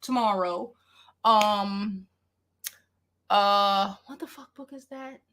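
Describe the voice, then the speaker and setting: A woman's voice: mid-range voice, slow pace, fairly bright tone, a little hiss or hum. A middle-aged woman chatting casually on a gossip livestream, loose and profane, often laughing. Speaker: celebrity gossip vlogger.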